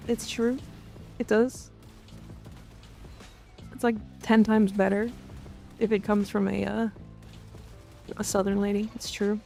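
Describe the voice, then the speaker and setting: A woman's voice: medium pitch, little pitch movement, slow, vocal fry, long pauses, mellow, soft background music. A woman from Canada streaming live, chatting casually and frankly with her chat, with some swearing and jokes. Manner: frank, profane, joking. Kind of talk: casual chat reading and answering chat.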